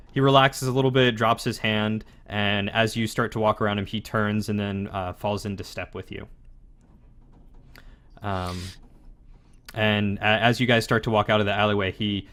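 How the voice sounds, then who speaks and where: A man's voice: on the low side, fairly even intonation, normal speed, a bit bright. A man narrating as game master of a tabletop game, hesitant and full of fillers. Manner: hesitant, lots of fillers, chuckling.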